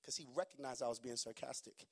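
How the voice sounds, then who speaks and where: A man with a Haitian accent preaching a sermon, moving between calm storytelling and shouted emphasis. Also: mid-range voice, fast talker, breathy edge.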